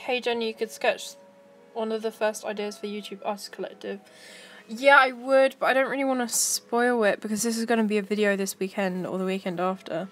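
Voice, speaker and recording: Young woman, casual stream chat, giggly, talks to herself, mid-pitched. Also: steady tone, a little fast, faint music behind. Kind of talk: casual live-stream chat while browsing.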